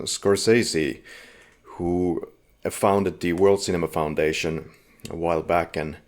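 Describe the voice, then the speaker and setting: A man with a notably deep, low voice hosts a casual film podcast. He talks in a relaxed, conversational way, laying out background at length. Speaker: podcast host.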